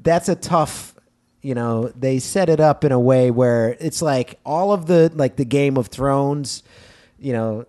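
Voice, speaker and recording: A man co-hosting a movie podcast, chatting casually. He is joking and animated. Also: medium pitch. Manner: joking, animated, reads text with mock gravitas. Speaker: podcast co-host.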